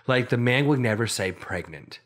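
Man, comedy podcast co-host, casual banter, swoops around in pitch, from Canada. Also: moderate pace. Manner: animated, does silly voices for bits.

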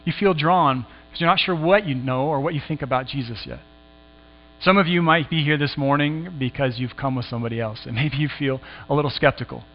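A man preaching in a church, telling the story with quiet, hushed stretches and bursts of excitement. His voice sits a little high for a man. The recording is muffled, with a long echo and a low mains hum behind him. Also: brisk. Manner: dramatic retelling, dropping to hushed tones, rising with excitement. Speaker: pastor. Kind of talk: sermon, storytelling a scripture passage. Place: church sanctuary.

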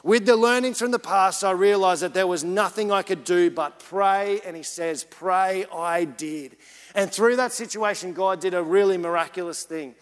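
A man with a high voice preaches a sermon as pastor, speaking at normal speed with few pauses. He begins chatty and personal in a casual preaching style, then rises to earnest, urgent emphasis. The church hall adds reverb.

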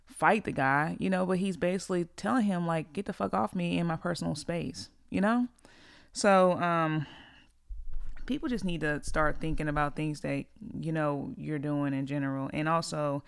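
A woman's voice: low voice, smooth, no echo, clean studio sound. A woman hosting a podcast, giving a blunt, profane and heated opinion monologue in a casual way. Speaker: podcast host.

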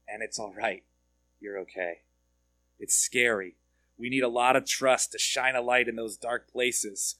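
A man's voice: lowish voice, bright, forceful tone, dry recording. Man preaching a conversational sermon. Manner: conversational, asks listeners questions, repeats words. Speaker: pastor.

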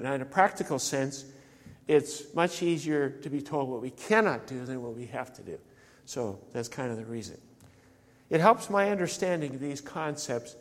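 A man delivering a sermon as a pastor, talking conversationally and putting rhetorical questions to the congregation. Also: a little high. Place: church. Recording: church sanctuary with long reverb.

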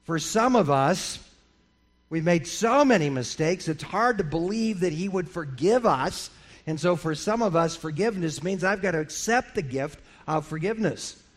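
A middle-aged male pastor preaching a sermon in an animated way, acting out the voices of the people in his stories. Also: a little high, normal speed. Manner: animated, acts out quoted voices.

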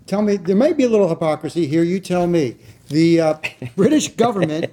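A man's voice: sits high, lively intonation, a little fast, warm tone. A man hosting a political talk show, steadily and wryly introducing news items. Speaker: host.

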